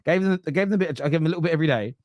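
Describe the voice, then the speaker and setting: A man's voice: on the high side, rapid-fire, darkish tone, dry recording. An English man in his thirties hosts a casual football podcast, speaking in a slightly raised voice. He talks animatedly, swears freely, and acts out other people's lines as he goes. The sound is dry and close to the mic. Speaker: podcast host.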